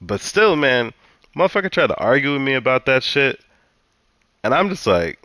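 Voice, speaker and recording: A man's voice: medium pitch, sing-song, moderate pace, long pauses, pushed and bright, no room sound. A man telling a personal story in a heated, profane, repetitive way, venting casually.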